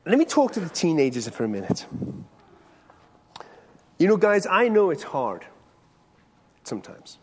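A middle-aged male pastor preaches in a bright, fairly high voice that climbs and falls with animation. He talks to the congregation conversationally, quizzing them directly, with a long reverb from the hall around him. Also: wildly swooping pitch, a little slow, long pauses, slightly rough. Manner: conversational, questions the audience directly. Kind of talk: sermon to a congregation.

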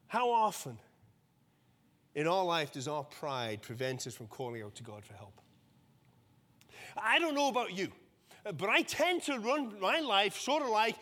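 A man's voice: very high-pitched, expressive, moderate pace, a bit bright. A male pastor preaching a sermon in a conversational way. He checks in with the listeners and repeats words as he goes. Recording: long hall reverb.

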